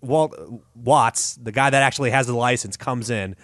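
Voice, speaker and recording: Brief: male podcast co-host, animated profane storyteller, dry booth sound. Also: medium pitch, normal speed, no room sound. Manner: laughing, swearing, animated retelling with quoted voices. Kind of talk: casual profane storytelling chat.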